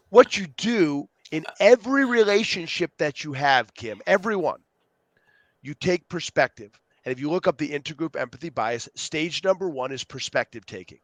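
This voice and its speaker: A man being interviewed as a youth program co-founder, explaining ideas with lively acted-out quotes. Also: a little high, moderate pace, dry recording. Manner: animated storyteller, acts out quotes. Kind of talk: podcast interview.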